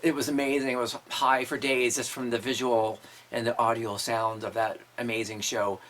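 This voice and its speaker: A Canadian man in his fifties, a musician hosting his own show, tells crude, profanity-filled stories and laughs often. His voice sits at a medium pitch, slightly bright, with a level tone and moderate pace, in a casual storytelling monologue.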